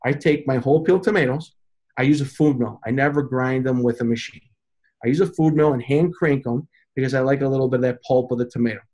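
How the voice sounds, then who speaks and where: Speaking quickly in a mid-range voice, this pizza chef and consultant shares stories during a relaxed interview. He's lively and performs the voices of anyone he quotes.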